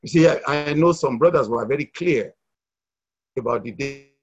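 A middle-aged man from Nigeria giving an earnest church testimony, hesitant, with fillers and restarts, rising loud and dropping soft. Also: medium pitch, moderate pace, breathy edge, dull audio. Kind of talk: testimony sharing at a church meeting.

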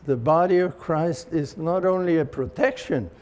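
A man giving a sermon at a church meeting, speaking in a measured way. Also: on the high side, darkish tone. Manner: slow, measured delivery.

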